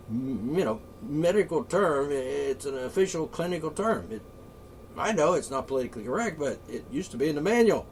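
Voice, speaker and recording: A man ranting off the cuff, profane and rambling, with frequent asides and throat-clearing. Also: fairly high pitch, animated, normal speed. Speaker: political ranter. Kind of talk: off-the-cuff solo rant. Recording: voice a bit far from the mic, faint ambient noise.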